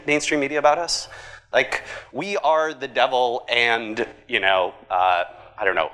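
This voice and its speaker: A man giving a conference keynote, talking in an animated, conversational way and tossing in jokey asides. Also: mid-range voice, big-room sound. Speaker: conference speaker. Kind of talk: keynote presentation. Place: large conference hall.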